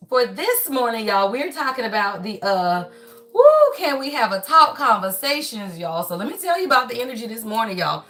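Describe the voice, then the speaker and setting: A woman hosting a spiritual reading live stream, talking casually and preaching bluntly, with lots of cussing, and calling her viewers "y'all" over and over. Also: mid-range voice. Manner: blunt, profane, calls the audience "y'all" constantly; lively, preachy and emphatic. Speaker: spiritual reading channel host. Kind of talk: casual livestream chat.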